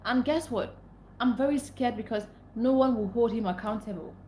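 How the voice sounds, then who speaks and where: A woman's voice: a little high, normal speed, a little mellow, echoey room, slight background noise. Angry woman venting on a livestream. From Nigeria. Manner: angry, venting, repeating herself. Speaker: livestream host. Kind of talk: casual live stream rant.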